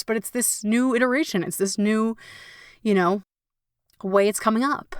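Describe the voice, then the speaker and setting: A woman's voice: fairly high pitch, moderate pace, pauses often, no room sound, studio quality. A woman coach hosting a solo podcast, talking candidly and emotionally and swearing freely.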